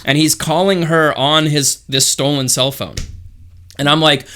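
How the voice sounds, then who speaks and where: Bright-voiced young man telling a wild story. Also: mid-range voice, moderate pace. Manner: profane, animated retelling with quoted voices. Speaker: podcast co-host. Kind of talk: casual storytelling chat.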